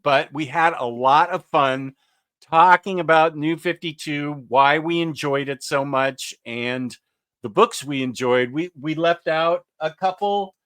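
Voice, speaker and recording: A man's voice: on the high side, fairly bright tone, no room sound. A man hosting a casual comics chat, enthusiastic and rambling, with lots of fillers and restarts. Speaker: comics podcast host.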